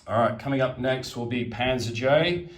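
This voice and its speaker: A man's voice: medium pitch, moderate pace. A man narrating his turn in a strategy board game, methodically counting units and pieces aloud as he moves them.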